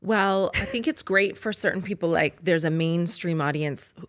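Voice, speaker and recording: A woman in her forties, a comedian guest chatting with wry, dry humor and quick asides. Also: on the low side. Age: 40s. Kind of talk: casual chat.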